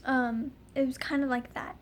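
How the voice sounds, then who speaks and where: A woman's voice: high voice, flat delivery, moderate pace, a little hiss or hum. A young woman telling a personal story in a casual vlog, rambling with lots of ums and likes. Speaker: vlogger.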